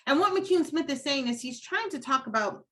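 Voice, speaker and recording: A woman giving an academic lecture over a video call, animated, laughing often and paraphrasing historical figures aloud. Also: high voice, normal speed. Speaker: guest lecturer. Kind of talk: academic lecture at a virtual event. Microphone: computer mic on a video call.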